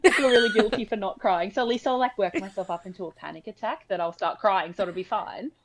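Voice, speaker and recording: A woman's voice: mid-range voice, fast talker, background noise. A young woman who works as an emergency nurse, chatting casually and filling her talk with likes and ums. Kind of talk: casual podcast chat.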